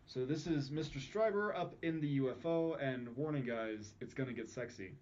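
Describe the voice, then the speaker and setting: A man's voice: mid-range voice, normal speed, few pauses, darkish tone. A man hosting a podcast, chatting casually with crude jokes, in muffled lo-fi audio. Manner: crude, joking banter. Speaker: podcast host.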